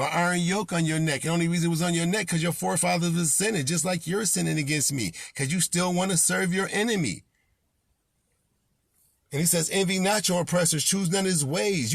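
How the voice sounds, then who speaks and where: A man's voice: on the high side, gravelly, slightly rough, dry recording, studio quality. A man preaching an impassioned sermon as a self-styled prophet, scolding and confronting his listeners with repeated rebukes.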